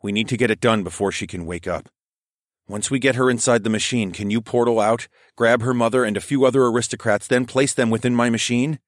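A man narrating an audiobook in the first person and voicing the lead character, in a calm, measured way. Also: medium pitch, dry recording, clean studio sound.

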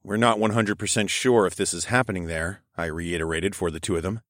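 A man reads a first-person story in a calm, steady voice that sits on the low side. The sound is dry and close to the mic, with no room around it. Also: brisk, no room sound. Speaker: audiobook narrator.

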